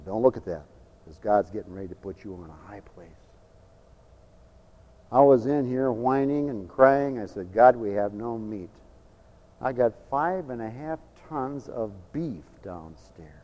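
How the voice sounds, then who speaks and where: A middle-aged man preaching a fiery sermon, swinging from loud shouts to quiet joking asides. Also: mid-range voice, animated, a little slow, in a large hall, muffled recording. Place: large church hall.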